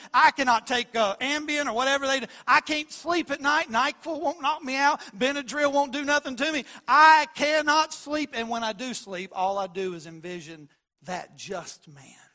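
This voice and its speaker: A sleepless governor's wife pleads in a high, bright voice, voiced by a preacher. She frets and circles back to the same plea, anxious and insistent. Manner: pleading, fretful, repeating herself.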